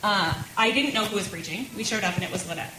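A woman's voice: mid-range voice, animated, fast talker. A woman in her thirties giving a chatty personal testimony at a women's church gathering, laughing often between her words. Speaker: speaker sharing her testimony. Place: church meeting room. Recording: roomy sound with background noise.

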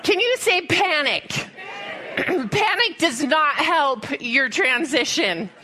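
A middle-aged woman gives a storytelling sermon at church. Her voice is very high and bright with a sharp edge. She laughs often and acts out her own panic with big, animated energy. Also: slow, a faint crowd, a little hiss or hum. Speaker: speaker at a cowboy church. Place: church service.

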